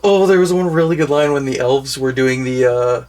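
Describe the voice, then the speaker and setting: A man's voice: medium pitch, a little fast, a little mellow, distant mic. A man in casual conversation, talking through a film he just watched with a friend. His voice sits in a middle range, easygoing and chatty as he recalls favorite lines. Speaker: movie review co-host. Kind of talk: casual chat.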